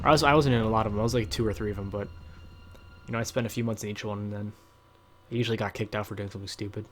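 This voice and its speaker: A man's voice: on the low side, fairly even intonation, very fast, slight background noise. A young man in his late teens hosting a casual let's-play, rambling and chatty with frequent fillers and self-corrections, recorded on a desk microphone at home. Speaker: gaming channel host.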